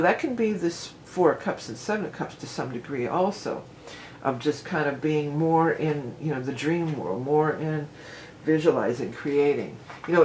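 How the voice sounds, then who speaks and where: A woman reading tarot cards to camera in a casual, rambling way. She often restarts her sentences and reads card verses aloud slowly. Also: low voice, a little hiss or hum, rough recording. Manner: chatty and rambling, with frequent restarts and "you know".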